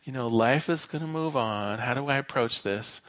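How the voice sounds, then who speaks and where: A man minister giving a sermon, an animated storyteller who shifts between quick and slow delivery. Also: mid-range voice, no room sound. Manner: animated storyteller, varies his pace.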